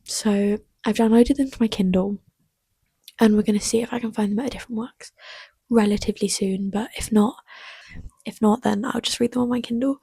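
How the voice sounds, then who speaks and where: Young woman, book vlogger, breathy and husky, mellow warm tone, chatty and gushing, dry close sound. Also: a little high, no room sound. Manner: chatty, gushing, often half-whispered. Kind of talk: casual chat.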